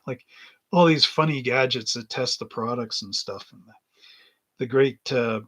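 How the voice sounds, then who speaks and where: Husky-voiced middle-aged man chatting casually. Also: medium pitch, fairly bright tone. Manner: chuckles often, meandering anecdotes. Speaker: livestream host building model kits. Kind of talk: rambling casual chat while working.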